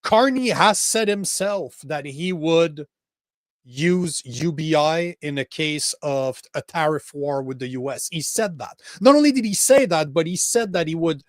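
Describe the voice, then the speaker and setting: A man's voice: a little high, expressive, measured pace, dry recording, studio quality. A man with a French accent hosting a casual political podcast, heated and full of restarts. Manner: heated, swears, many restarts. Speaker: podcast host.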